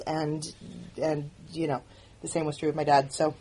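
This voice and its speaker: A woman who writes and produces the show, speaking candidly in an audio commentary with earnest, halting phrasing and frequent restarts. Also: deep voice, fairly even intonation, mellow, a little hiss or hum.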